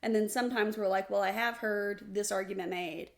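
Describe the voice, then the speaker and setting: A woman's voice: medium pitch, fairly even intonation, a little fast, vocal fry. A woman from Alabama, co-hosting a casual podcast chat with dry, wry humor. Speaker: podcast co-host.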